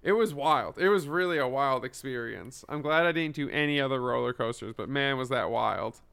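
A man's voice: medium pitch, animated, moderate pace, creaky, fairly bright tone, clean tone. A young man co-hosting a casual chat, telling stories with enthusiasm. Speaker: podcast co-host.

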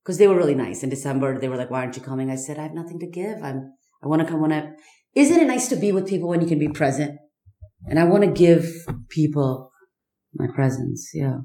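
A woman speaking candidly as a podcast guest, halting and searching, with many fillers and restarts. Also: sits low, dark tone, roomy sound. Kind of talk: candid personal conversation.

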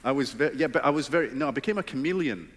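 A man's voice: medium pitch, expressive, racing, a bit bright. A middle-aged Scottish man speaks onstage before a big audience, and his words ring out with a long echo through the hall. He laughs easily at himself and trips over his openings before settling into the story. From Scotland. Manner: self-deprecating, laughing, stammering restarts. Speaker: guest author. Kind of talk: onstage conversation. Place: large hall with live audience. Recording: reverberant large hall.

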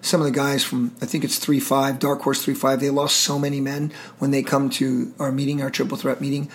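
A man's voice: mid-range voice, flat delivery, brisk. A middle-aged man telling war stories in an interview, intense, emotional and profane. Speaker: guest, military veteran. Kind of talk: storytelling interview.

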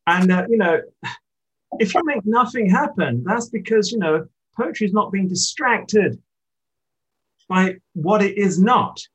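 A man with a husky, somewhat breathy voice talks about poetry in a reflective interview. His delivery is thoughtful and halting, with frequent restarts as he works through an idea. His pitch sits a little high for a man. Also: lively intonation, highs cut off. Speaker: poet, interviewee. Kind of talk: reflective literary conversation.

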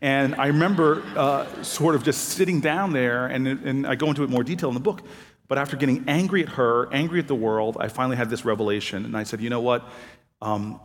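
Male storyteller, mid pitch, animated, plays every part in his anecdote, big reverberant hall. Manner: animated anecdotal storytelling, acting out both sides of dialogue. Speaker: author and former city politician. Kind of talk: storytelling talk.

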